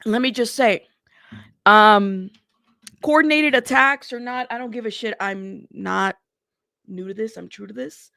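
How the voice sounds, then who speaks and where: A woman's voice: fairly high pitch, a little slow, vocal fry, pauses often, pushed and bright, no room sound, clean studio sound. A woman hosting a casual news livestream, chatty and blunt, who laughs often, greets her chat by name and has a slightly sick throat.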